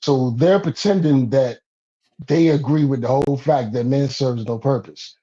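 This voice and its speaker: A man in heated casual chat, rambling, repeating himself and swearing as he builds to loud outbursts. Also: medium pitch, moderate pace. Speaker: guest on a talk stream. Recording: dull lo-fi stream audio.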